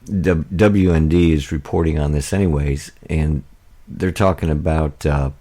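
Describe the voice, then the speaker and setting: A man's voice: extremely low pitch, unhurried, warm tone. An American man hosting a political talk radio show, speaking in a rambling, indignant way with many fillers and restarts.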